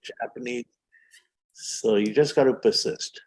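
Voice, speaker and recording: A physician in his seventies from India appears as a podcast guest, speaking at a measured pace in a mid-range, darkish voice. He tells vivid stories and acts out the voices of the people he quotes.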